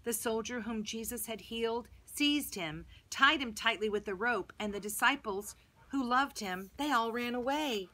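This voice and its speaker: Bright-voiced woman reading a bible story. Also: fairly high pitch, moderate pace. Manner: dramatic first-person storytelling with hushed and loud turns. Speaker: Sunday school teacher. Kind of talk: expressive children's story reading.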